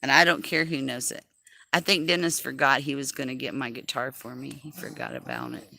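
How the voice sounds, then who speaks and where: A woman's voice: rumbling low, lively intonation, fairly quick, gravelly, sharp tone. A woman chatting casually on a livestream, self-deprecating and laughing often as she talks. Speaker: livestream host.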